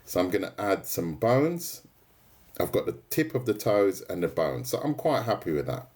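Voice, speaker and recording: A fairly low-voiced man talks viewers through a drawing on a live stream. He speaks in a relaxed, chatty way, and his pitch rises and falls freely as he explains each step and jokes with the chat. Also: normal speed. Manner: casual, chatty, laughs easily, says "right?" and "mate" often. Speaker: art tutor streaming live.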